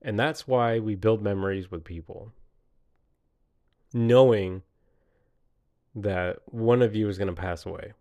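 Low-voiced man musing aloud. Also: unhurried, pauses often, mellow. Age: 30s. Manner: rambling, laughs often at himself. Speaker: podcaster. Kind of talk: reflective monologue.

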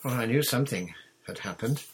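A man reading a storybook, voicing a calm, earnest boy who answers questions plainly. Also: medium pitch, fairly quick, slight background noise, voice pushed up, close to an everyday voice.

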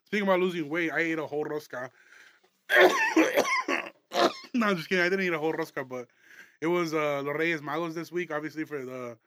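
A man's voice: on the high side, wildly swooping pitch, a little fast, long pauses, pushed and bright, a little hiss or hum. A young man hosting a casual comedy podcast, rambling, profane and laughing often. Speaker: podcast host.

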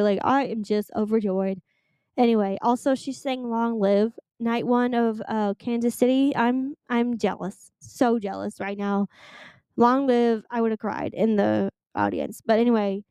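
A young woman rambles happily through her solo podcast sign-off, gushing and excitable. Her voice is smooth and clear, recorded dry and close with no room sound around it. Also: on the high side, moderate pace, no room sound. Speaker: podcast host. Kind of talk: casual solo podcast chat.

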